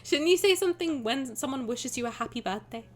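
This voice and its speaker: A young woman streamer reacting to a game with excitable, casual commentary. She swears and laughs often. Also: high voice, brisk.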